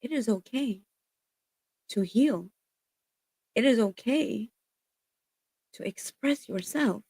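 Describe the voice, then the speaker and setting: A woman's voice: fairly high pitch, expressive, slow pace, pauses often, mellow, husky, no echo. A woman giving a casual spiritual tarot reading, earnest and emphatic, swearing freely as she passes on encouraging messages. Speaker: tarot reader.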